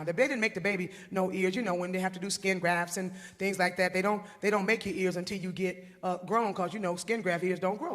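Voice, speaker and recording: Fast folksy woman storyteller. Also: mid-range voice, a bit bright, long reverb tail, slight background noise. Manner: folksy, chatty, repeats words for laughs. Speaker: gospel singer doing stand-up. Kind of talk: comic storytelling.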